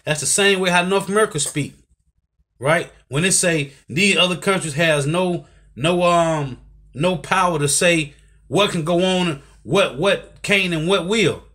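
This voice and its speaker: A man with a high voice preaches to his listeners. He is emphatic and keeps tossing in "man" and "right?" as he drives each point home. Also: a little slow, fairly bright tone. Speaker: bible teacher. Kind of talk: preaching commentary.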